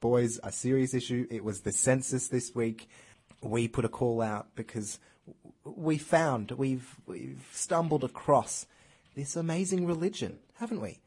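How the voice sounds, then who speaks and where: A husky-voiced man hosting a casual radio show from the studio. He jokes at his own expense and keeps the segments moving along. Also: mid-range voice, measured pace, a little mellow. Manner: joking, self-mocking, steers the show. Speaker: radio host.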